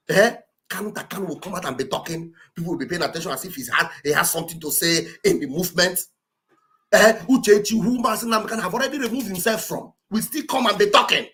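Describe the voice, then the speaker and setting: A woman with a Nigerian Igbo accent giving fiery, rhetorical political commentary on a livestream, often rising to shouts. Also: mid-range voice, a little fast. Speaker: livestream host.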